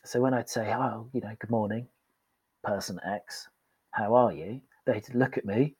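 A man's voice: on the low side, fairly even intonation, unhurried, darkish tone, slightly rough, no echo, poor audio. A man telling a candid, self-deprecating story as a guest in a casual podcast interview. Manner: candid and self-deprecating, acts out quoted voices.

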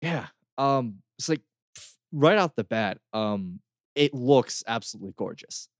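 A man's voice: mid-range voice, lively intonation, a little slow, dry recording, clean studio sound. A man co-hosting a casual game review chat, easygoing, with lots of fillers and laughter. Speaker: podcast co-host reviewing games.

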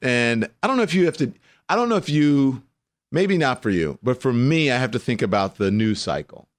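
A man from Louisiana with a mild Southern accent, a guest in a casual interview, telling stories in an animated way and acting out the voices of the people he quotes. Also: medium pitch, normal speed, no echo. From Louisiana, USA.

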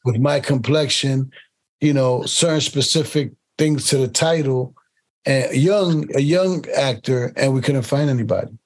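A man's voice: mid-range voice, measured pace. A man in a casual interview, talking as a casting director. He rambles and repeats words while finding his point, and mimics other people's accents when he tells a story.

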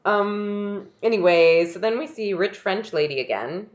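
A podcast co-host chatting casually through an episode recap, animated and quick to laugh, humming music cues. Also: medium pitch, muffled recording.

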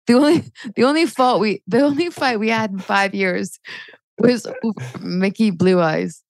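A woman's voice: medium pitch, a little slow, vocal fry, dry recording. A woman in her forties, a comedian chatting as a podcast guest, swearing freely and ranting with rising energy. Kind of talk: casual chat.

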